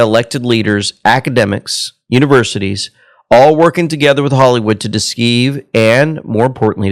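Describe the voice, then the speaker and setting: Earnest low-voiced man hosting a show. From Georgia, US. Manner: earnest, emotional, addresses listeners as folks. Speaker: host. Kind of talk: commentary and prayer.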